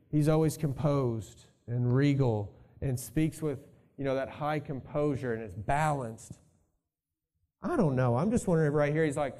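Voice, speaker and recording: A man's voice: on the high side, warm tone. A male pastor preaching a sermon in a conversational way, thinking aloud and adding asides to his congregation.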